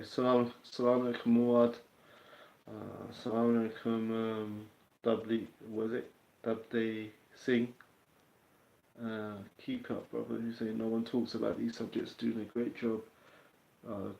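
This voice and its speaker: Gravelly London man, casual livestream. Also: on the low side, level tone, unhurried, a little mellow. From England. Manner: streetwise, chatty, answers viewer comments. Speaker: livestream host. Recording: roomy, dull lo-fi sound.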